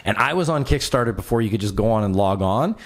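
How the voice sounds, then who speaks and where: Laid-back Canadian man telling stories. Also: on the low side. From West Coast Canada. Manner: animated storyteller, quick laughs. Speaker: documentary filmmaker guest. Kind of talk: casual podcast chat.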